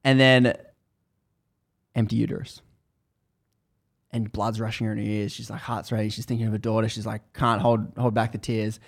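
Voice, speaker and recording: Gravelly man recapping a book. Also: on the low side, moderate pace, pauses often. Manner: animated storytelling, building tension. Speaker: podcast host. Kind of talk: casual book recap chat.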